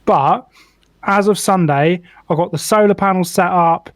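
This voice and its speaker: A man's voice: high voice, a little slow, dry recording. A young man, a podcast co-host telling a rambling, sweary anecdote full of "like" in casual chat. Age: young adult. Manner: swears freely, animated anecdote with lots of "like".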